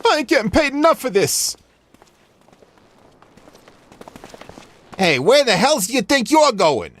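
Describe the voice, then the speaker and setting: A man's voice: very high voice, very animated, fairly quick, a bit bright, pitched above the performer's own voice, exaggerated voice. A man putting on a bullying, sneering merchant. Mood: scornful.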